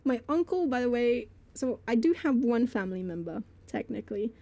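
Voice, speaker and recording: A woman streamer talks to her chat in a loose, rambling way, full of fillers, with laughs between phrases. Her voice sits fairly high but sounds mellow and soft-edged, close on a desk microphone. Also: expressive, a little fast. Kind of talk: casual storytelling to a live chat.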